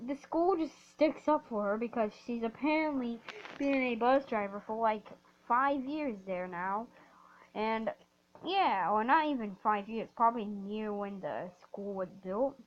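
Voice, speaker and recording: A woman telling a rambling, excitable story while playing a game, often restarting her sentences. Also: a little high, highs cut off. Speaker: gaming storyteller. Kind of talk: storytime over gameplay.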